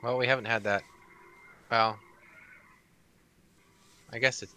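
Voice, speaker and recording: A man chatting casually beside a streamer during a space game, calm, with advice and a dry humor. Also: medium pitch, takes it slowly. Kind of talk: casual chat during gameplay.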